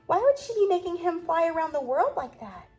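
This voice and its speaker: Lively woman teacher reading to kids. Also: very high voice, brisk, soft background music, rough recording. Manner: animated, questioning the children. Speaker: kindergarten teacher. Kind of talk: storybook read-aloud and lesson.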